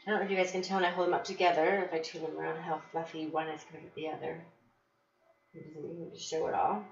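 A woman's voice: deep voice, little pitch movement, fast talker. Casual woman breeder vlogging at home, rambling with fillers; noisy, muffled home recording. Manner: chatty, many fillers and restarts. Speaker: dog breeder. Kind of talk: casual vlog talk to viewers. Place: home with puppies and dogs. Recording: roomy, distant, dull, noisy home recording. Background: dogs heard in background.

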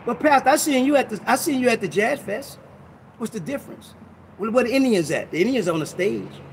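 A man's voice: high voice, slight background noise, poor audio. A man preaching a confrontational, informal sermon as pastor, full of street talk and rhetorical questions.

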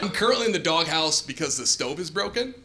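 A man does stand-up on a club stage. His voice sits high and swoops all over, with playful asides to the crowd. The room is echoey and audience noise comes through clearly. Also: animated, fast talker, bright, forceful tone. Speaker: stand-up comedian. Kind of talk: stand-up comedy set. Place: comedy club stage before a live audience.

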